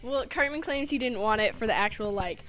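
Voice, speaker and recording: A woman's voice: fairly high pitch, a little fast, a bit bright. A woman vlogger chatting casually, rambling and giggling as she retells a cartoon episode. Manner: rambling, giggly, lots of fillers.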